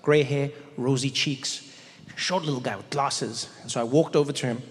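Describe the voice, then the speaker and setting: A man telling stories as a stand-up comedian in an animated, conversational way. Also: medium pitch, normal speed, big-room sound. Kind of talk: stand-up storytelling.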